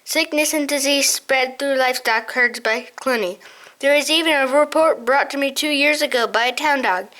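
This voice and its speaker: A woman's voice: high-pitched, moderate pace, sharp tone. Ancient male mouse, voiced by a woman, frail, muttering, storybook reading. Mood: grave. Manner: doddering, muttering hmm.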